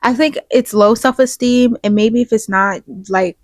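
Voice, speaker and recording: A young woman with hosting a podcast from her bed, sniffly from crying, talking candidly, rambling and swearing, trailing off into soft asides. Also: a little high, moderate pace, no room sound. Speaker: podcast host. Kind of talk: casual confessional vlog. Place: bedroom, in bed. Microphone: small mic plugged into a phone.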